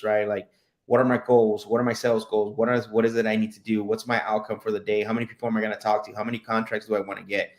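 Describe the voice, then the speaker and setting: A man's voice: medium pitch, echoey room. A man hosting a casual sales podcast, telling stories with lots of restarts and repeated words. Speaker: podcast host and sales coach.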